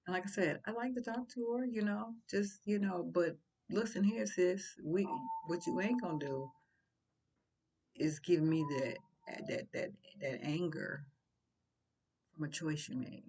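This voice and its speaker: A woman's voice: on the low side, measured pace, a little mellow, slightly rough. An older woman giving casual, preachy commentary, blunt and full of rhetorical questions. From St. Louis.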